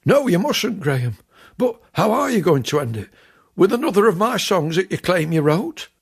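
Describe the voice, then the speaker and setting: A man voicing a fussy, officious middle-aged male showbiz agent in a comic radio act, with a high-pitched, gravelly voice. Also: sing-song, moderate pace, full character voice. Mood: alarmed. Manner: indignant, prim and officious. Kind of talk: comic radio character acting.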